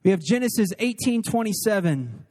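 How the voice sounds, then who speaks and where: A man in his thirties preaching a sermon at a church service, earnest and animated, with quick asides and slow, emphatic lines. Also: high voice. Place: church service before a crowd.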